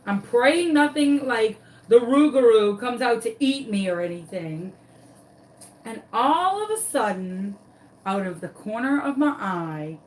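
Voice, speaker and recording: A woman tells a dramatic story while she demonstrates a craft. Her voice sits a little high and her pace is unhurried. She is recorded a bit away from the mic. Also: recorded from a distance, poor audio. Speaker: crafting vlogger.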